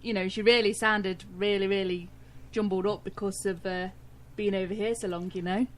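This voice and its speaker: A woman's voice: mid-range voice, fairly even intonation, moderate pace. A woman with a British accent co-hosting a radio show, chatting cheerfully and laughing often. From Britain. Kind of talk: casual radio chat.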